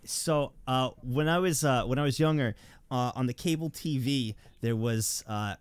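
A man telling a funny story in casual chat, animated and hesitant, acting out the scenes. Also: mid-range voice, moderate pace, smooth, dry recording.

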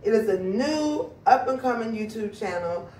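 A woman's voice: on the high side, lively intonation, moderate pace, mellow, slight background noise. Chatty woman vlogging from far off. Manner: chatty, talks straight to viewers. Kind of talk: casual vlog chat. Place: home and backyard. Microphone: camera mic. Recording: roomy echo from far off.

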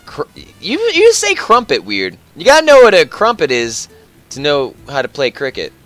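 A man's voice: a little high, wildly swooping pitch, normal speed, a bit bright, soft background music. A man hosting a casual let's-play, joking and thinking aloud as he plays. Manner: playful, joking, thinking aloud while playing. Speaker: gaming channel host.

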